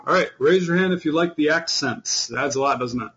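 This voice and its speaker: A man teaching an online beginner fiddle class, explaining in a relaxed way with lots of fillers. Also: on the high side, a little fast, highs cut off, loud music behind the voice.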